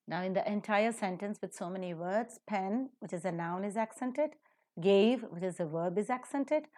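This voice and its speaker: Woman as a pronunciation teacher, measured lecture delivery, stresses example words emphatically. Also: mid-range voice, mellow. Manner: slow, emphatic modeling of example sentences.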